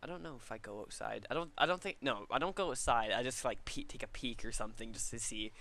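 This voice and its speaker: A man's voice: medium pitch, fast, sharp tone. A young man giving casual, rambling commentary over a video game, laughing at himself and trying out silly voices. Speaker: gaming commentator.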